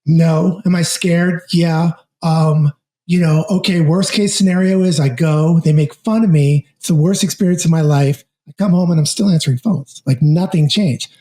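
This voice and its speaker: Guest, male, fifties. Warm, mellow tone, animated and jokey storyteller with a casual chat feel. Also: fairly high pitch, moderate pace. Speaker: podcast guest, musician.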